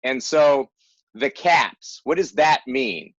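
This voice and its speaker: A man's voice: mid-range voice, lively intonation, takes it slowly, no echo. A man presenting an explanatory webinar as an advisor, emphatic and rereading key phrases for stress. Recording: dull lo-fi webinar audio, dry.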